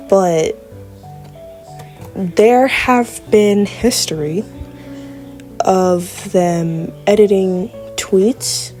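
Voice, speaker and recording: A woman giving a casual commentary vlog, talking in a halting, stuttering way with many fillers. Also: mid-range voice, warm tone. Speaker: commentary YouTuber.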